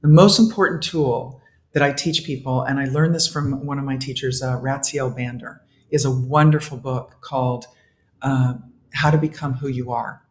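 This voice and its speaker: A man's voice: mid-range voice, normal speed. A man being interviewed as a detox specialist, talking animatedly and laughing often. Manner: animated, acts out inner dialogue, laughs often. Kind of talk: casual interview talk. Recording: echoey room.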